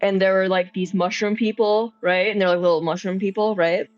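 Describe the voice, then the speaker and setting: A woman's voice: mid-range voice, fairly even intonation, brisk, no echo, highs cut off, faint music behind, pitched below the performer's own voice, natural voice. A woman voicing a nervous, rambling young man in a tabletop game, talking hesitantly with lots of fillers. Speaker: player. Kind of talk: tabletop role-play in character.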